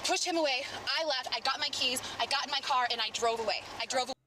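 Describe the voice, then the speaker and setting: A woman's voice: high-pitched, fast talker. A woman rambling emotionally as she tells a deputy her story outdoors, swearing often. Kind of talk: agitated account to police. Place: outdoors at a rural home. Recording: distant bodycam audio, outdoor noise.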